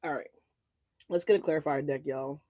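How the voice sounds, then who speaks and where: A woman's voice: sits low, steady tone, a little fast, dark tone, dull audio. A woman giving a casual tarot reading, chatty and profane, tossing in "right?" asides. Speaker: tarot reader.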